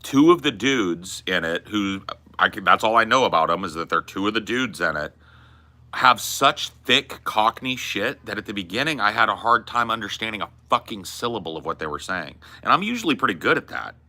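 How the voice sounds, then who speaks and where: A man's voice: on the low side, animated, brisk, pushed and bright. A man hosting a podcast, riffing in casual, profane and emphatic chat about movies. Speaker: podcast host.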